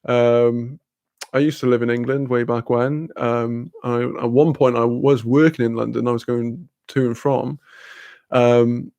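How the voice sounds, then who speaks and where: Gravelly man chatting on stream. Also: mid-range voice, flat delivery, unhurried, darkish tone, no room sound. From Wales. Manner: laid-back, swears freely, laughs often. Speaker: livestream host. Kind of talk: casual chat reading live chat.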